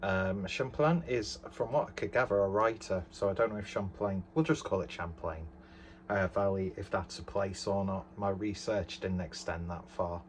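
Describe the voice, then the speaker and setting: A man's voice: deep voice, normal speed, a little hiss or hum. A man chatting casually through a beer review at home, rambling with lots of fillers and self-deprecating asides. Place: bedroom at home. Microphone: camera on tripod.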